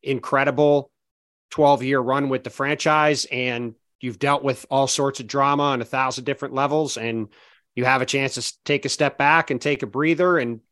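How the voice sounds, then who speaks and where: Brief: male panelist, mid-pitched voice, steady analytic talker, dry close sound. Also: dry recording. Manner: measured, builds arguments, fillers like "I mean, look". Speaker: basketball reporter, podcast panelist. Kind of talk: casual chat, analysis.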